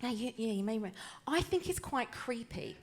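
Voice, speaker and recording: A woman's voice: on the high side, animated, moderate pace. A woman with a Cockney accent doing live stand-up storytelling on a cabaret stage, chatty and self-mocking. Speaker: comedian and tribute performer.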